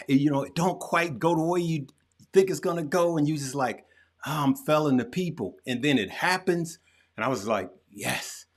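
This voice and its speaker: A man hosting a live investing show, talking to his viewers in an energetic, folksy way and repeating phrases for emphasis. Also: on the high side. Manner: energetic, folksy, speaks straight to viewers as "y'all" and "good people". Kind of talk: hyped-up live stream chat.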